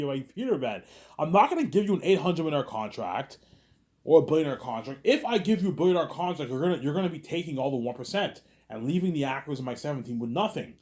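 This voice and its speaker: A man's voice: on the high side, big pitch swings, fast talker, a little mellow. A man talking through a rambling, repetitive monologue with a lot of swearing, reenacting conversations as he goes. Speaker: vlogger.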